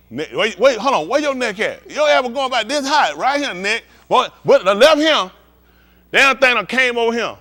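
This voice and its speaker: The voice belongs to a male pastor, pitched high with a sharp edge. He delivers a profane, blunt, confrontational sermon in a heated way while acting out scenes alongside volunteers from his congregation.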